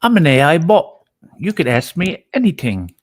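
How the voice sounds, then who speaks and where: A goofy male chatbot that a man plays barks out stiff, loud announcements. The voice swings up and down with a lively, bouncing pitch. It stays close to his everyday voice. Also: moderate pace. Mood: deadpan.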